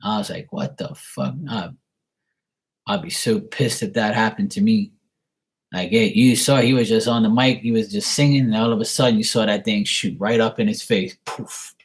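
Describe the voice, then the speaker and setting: This man's voice sits on the low side, steady in tone and at normal speed. During a casual live stream he lays out tarot cards and takes viewer questions, rambling with lots of "you know" and speaking bluntly, now and then swearing.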